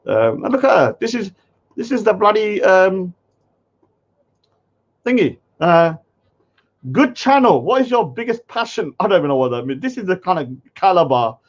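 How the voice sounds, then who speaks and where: Brief: higher-voiced male streamer, mocking and dismissive, muffled stream sound. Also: big pitch swings, moderate pace, long pauses. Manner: scornful, mocking, mimics commenters in a high voice. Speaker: livestream commentator. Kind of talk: casual livestream commentary. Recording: dull lo-fi stream audio.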